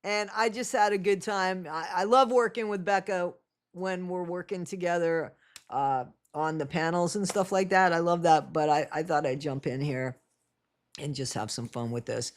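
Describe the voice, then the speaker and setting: A woman's voice: fairly low pitch, normal speed. A woman hosting her own channel and giving blunt, sarcastic reaction commentary. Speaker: channel host.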